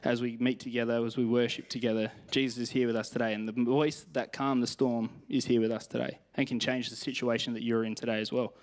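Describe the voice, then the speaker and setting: A man's voice: medium pitch, level tone, fast, hardly any pauses. A young man with an Australian accent preaching a sermon in a chatty, self-deprecating way, telling personal stories and reading scripture. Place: church stage.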